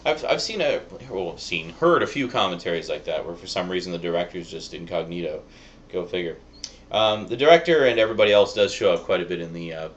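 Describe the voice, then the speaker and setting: A man giving a chatty, rambling spoken review, full of fillers and little laughs, his voice cracking at times. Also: deep voice. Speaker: Blu-ray reviewer. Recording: dull lo-fi sound, faint noise.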